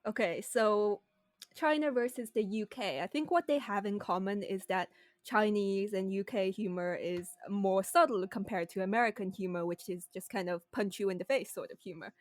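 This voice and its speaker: Measured young woman chatting. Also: mid-range voice, dry recording. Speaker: podcast co-host. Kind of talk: casual chat.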